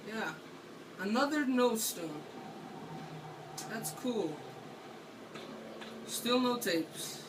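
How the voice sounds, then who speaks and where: A man's voice: high voice, animated, slow, pauses often, far from the mic, background noise. A man doing playful, rambling gameplay commentary for a video, talking to himself as he plays. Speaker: gaming video maker. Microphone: camera held by hand.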